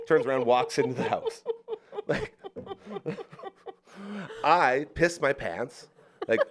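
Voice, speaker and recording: A man in casual storytelling chat on a live podcast, animated and acting out the people in his stories. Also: on the high side, drawn-out words, pauses often.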